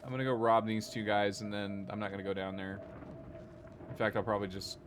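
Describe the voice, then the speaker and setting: A man's voice: fairly low pitch, little pitch movement, a little fast, slight background noise. A man casually thinking aloud while he plays a game from his home desk, swearing when he gets annoyed. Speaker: streamer. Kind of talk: casual gameplay commentary.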